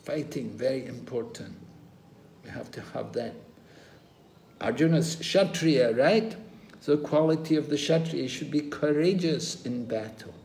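An older man teaching a scripture class, telling stories slowly and acting out the quoted dialogue. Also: mid-range voice, gravelly. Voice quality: slow, animated storytelling, acting out quoted dialogue. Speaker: spiritual teacher. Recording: roomy echo, faint ambient noise.

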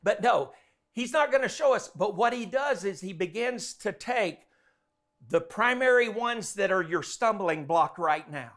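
A man preaching a sermon in an animated way, often acting out the voices in his stories. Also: sits high, unhurried. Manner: animated, acts out quotes.

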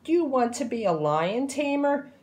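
A woman playing a brisk storybook ringmaster. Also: sits high, big pitch swings, darkish tone, voice pushed up. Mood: weary. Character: brisk male circus ringmaster.

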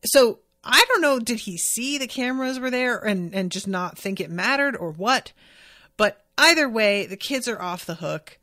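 A woman's voice: fairly high pitch, expressive, moderate pace, pushed and bright, no echo. Enthusiastic woman podcast host, dry sound. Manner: enthusiastic, swears freely, reads out chat comments. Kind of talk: casual episode recap chat.

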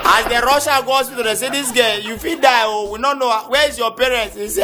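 A Nigerian man doing a stand-up comedy routine in Nigerian Pidgin English, animated and shouting out his punchlines. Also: very high-pitched, a little fast, hardly any pauses. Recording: comedy CD with music behind.

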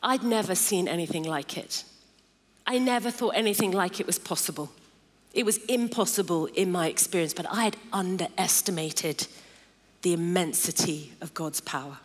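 A woman's voice: fairly low pitch, moderate pace. Middle-aged woman preacher, emphatic sermon delivery, long church reverb. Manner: emphatic, builds lists of intensifying phrases. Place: large church hall.

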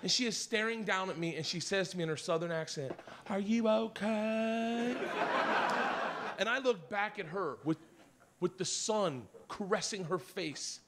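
A man's voice: high voice, normal speed, noisy background. A man performing stand-up, telling rowdy, self-mocking stories. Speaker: stand-up comedian. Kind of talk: stand-up set.

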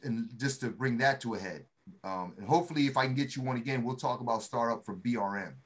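A middle-aged man telling a story in a casual chat, animated and acting out the voices of the people he quotes. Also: mid-range voice, fast talker. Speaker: podcast co-host, Army veteran.

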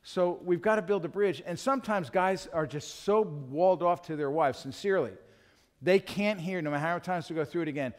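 Guy pastor preaching, lively, acts stuff out, voice on the high side, big echo from the church hall. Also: a little fast. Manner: animated, acts out quotes in other voices. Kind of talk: sermon. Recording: long reverb of a church hall.

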